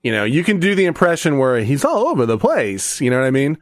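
A man's voice: medium pitch, very animated, fast, no echo, clean studio sound. A man hosting a podcast, chatting loosely and cursing freely. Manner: loose, profane banter. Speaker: podcast host. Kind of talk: casual chat.

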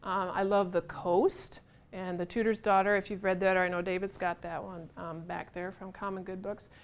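A middle-aged woman author, giving a chatty, animated talk to a live audience in a room. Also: mid-range voice, normal speed. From United States. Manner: chatty, animated, self-deprecating humor.

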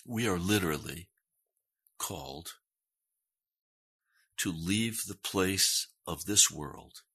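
A man's voice: sits low, a bit bright, husky. A man preaching a sermon as a pastor, earnest and emphatic, pressing his points hard.

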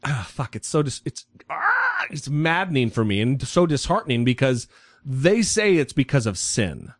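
A man's voice: medium pitch, wildly swooping pitch, moderate pace, fairly bright tone, no room sound. Male podcast co-host, heated and profane, dry close sound. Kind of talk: casual opinionated chat.

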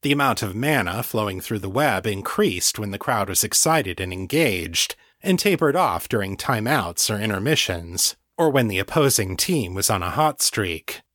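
A man narrating a fantasy novel in a calm, measured way, close to the mic. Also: on the low side, dry recording. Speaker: audiobook narrator. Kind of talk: scripted narration.

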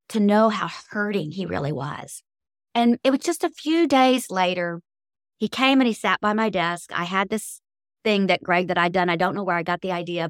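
A woman's voice: mid-range voice, dry recording, clean studio sound. A middle-aged woman, a guest author, telling heartfelt faith-based stories in an interview with an earnest, emotional manner.

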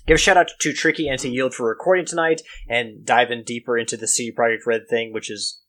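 A man co-hosting a podcast, talking in a relaxed, halting way with many fillers. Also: medium pitch. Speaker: podcast co-host. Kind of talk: casual podcast chat.

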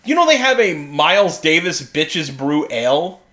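A man's voice: fairly high pitch, sing-song, normal speed, a bit bright. A man co-hosting a podcast in casual chat, swearing freely and laughing often. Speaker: podcast co-host.

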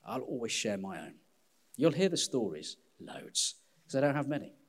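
A man preaching a sermon as pastor, candid and self-deprecating, with an animated delivery. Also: mid-range voice, normal speed.

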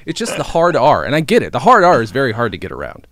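A man's voice: mid-range voice, wildly swooping pitch, quick pace, background noise. A man hosting a podcast, chatting casually with enthusiasm, laughing often and poking fun at himself. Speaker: podcast host. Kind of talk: casual conversation.

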